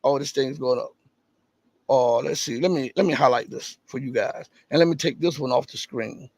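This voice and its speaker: A man hosting a live stream, reading articles and viewer chat, pressing his points hard and then dropping low and casual. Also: moderate pace, darkish tone, no echo. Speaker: livestream host.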